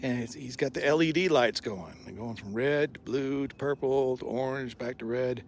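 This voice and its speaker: A man's voice: medium pitch, normal speed, slight background noise. A man telling wry, rambling stories as he walks a forest trail, recording outdoors. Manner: chatty, wry storytelling. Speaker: hiker and vlogger. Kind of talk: rambling walking vlog.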